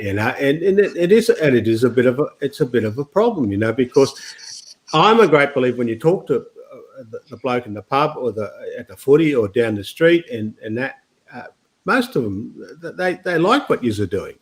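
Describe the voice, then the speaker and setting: A man's voice: mid-range voice, big pitch swings. Middle-aged Australian man hosting a panel, stop-start delivery, mid-range voice. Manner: halting, many restarts, laughs easily. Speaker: host. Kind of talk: casual panel chat.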